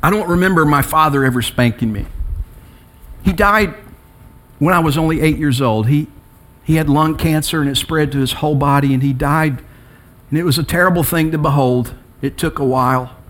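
A middle-aged man preaching a sermon as pastor, telling personal stories between quiet reflection and emphatic rises. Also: a little high, fairly quick.

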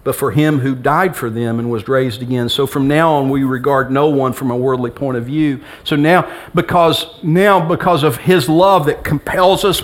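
A middle-aged male pastor giving a sermon in a church, conversational and humorous, acting out bits of dialogue. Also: fairly high pitch. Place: church sanctuary with congregation.

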